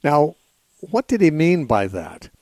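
A man hosting a call-in radio program, explaining scripture at an unhurried, measured pace. He pauses often with small fillers. His voice is close and dry, with no room sound, from a studio microphone. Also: a little high, big pitch swings, a little mellow, no echo. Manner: measured, explanatory, with frequent "uh" and "you know". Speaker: radio call-in show host. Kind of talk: call-in radio Bible answers.

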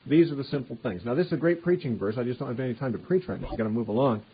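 Talking very fast at a medium pitch, a man teaches verse by verse from the Bible, voicing the text with mounting emphasis before explaining it in a relaxed, casual way. The audio is dull lo-fi.

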